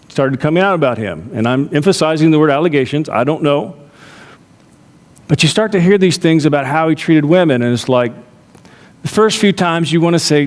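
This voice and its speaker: A man's voice: a little high, fairly quick, a little mellow. Man preaching a sermon in a reverberant church. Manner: conversational preaching with rhetorical asides. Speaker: pastor. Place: church sanctuary. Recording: long reverb of a church hall.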